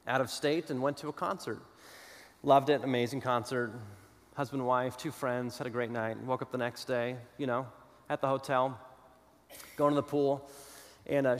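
A man preaching a sermon, telling a story with dramatic pauses and moving between loud declarations and hushed asides. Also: on the high side. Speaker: pastor. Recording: long hall reverb.

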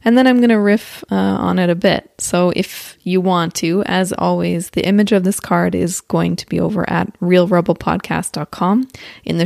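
A woman's voice: fairly low pitch, gravelly, a little mellow, no room sound, clean studio sound. A woman hosting her own podcast, talking in a casual, chatty way with frequent small laughs and self-corrections. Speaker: podcast host. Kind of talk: casual spiritual monologue. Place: outdoors or near open window with birds.

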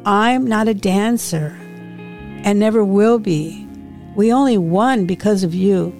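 A woman reading a novel aloud and voicing an earnest young man who speaks calmly and firmly. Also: mid-range voice, slow pace, soft background music. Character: earnest young man, gently firm and sensible.

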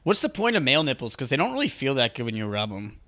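A man's voice: mid-range voice, wildly swooping pitch, fast, sharp tone. A young man with a New Hampshire accent co-hosting a podcast, rambling in casual chat with lots of fillers and laughter. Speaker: podcast co-host.

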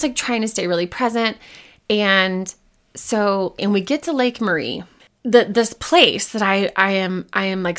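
A woman hosting her own podcast, telling a personal story straight to the listener. She acts out her past self and others in quick snippets and jumps far up in pitch for the excited lines. Her tone is casual and confessional, with a medium voice. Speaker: podcast host.

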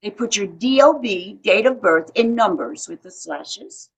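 A veteran actress in her eighties chats as an interview guest, telling stories and frequently restarting them. Her mid-range voice is animated and slightly rough, at a measured pace.

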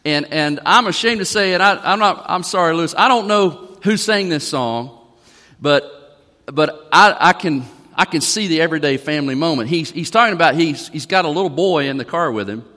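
A man's voice: on the high side, expressive, moderate pace, bright, forceful tone. A man preaching a sermon to a church congregation, folksy and conversational. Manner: folksy, conversational, reads song lyrics aloud. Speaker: pastor. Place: church sanctuary. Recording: long reverb of a church hall.

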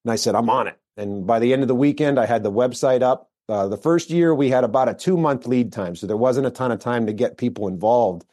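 An American man, middle-aged, a firearms instructor telling his story in a relaxed interview, rambling with fillers and restarts. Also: mid-range voice, a little fast, few pauses. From United States. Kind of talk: casual interview talk.

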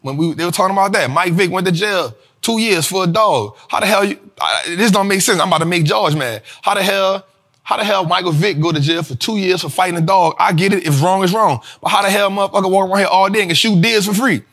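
A man with a high-pitched voice and a bright, forceful edge hosts his own show. He riffs casually about money and investing in a loose, profane way, laughing often and talking straight to his viewers. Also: fast talker. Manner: addresses viewers directly as y'all. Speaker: show host.

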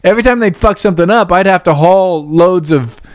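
A man's voice: high-pitched, fairly quick, dry recording. A man co-hosting a casual podcast, a laid-back storyteller with dry humor. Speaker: podcast co-host.

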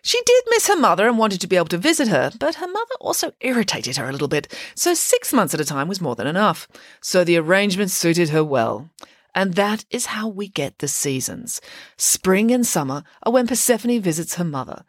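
A woman narrating a bedtime story in a lively, expressive way. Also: lowish voice, brisk, no echo, clean studio sound.

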